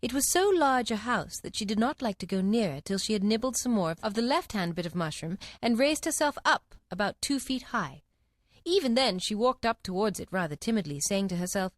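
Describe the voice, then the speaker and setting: A woman narrating a storybook in an expressive, lively reading. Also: mid-range voice, a little fast, no room sound, clean studio sound.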